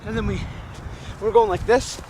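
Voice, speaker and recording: A young man being interviewed, telling a casual, animated and profane anecdote and acting out the voices of the people in it. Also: high-pitched, brisk, slight background noise. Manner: animated, profane, acts out voices and sound effects.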